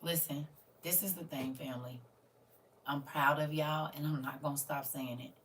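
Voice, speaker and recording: A woman's voice: sits low, fairly even intonation, normal speed, far from the mic, slight background noise. Earnest woman livestreaming, a bit off-mic. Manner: earnest, preachy, addresses listeners as family. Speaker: livestream host. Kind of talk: casual livestream talk to viewers.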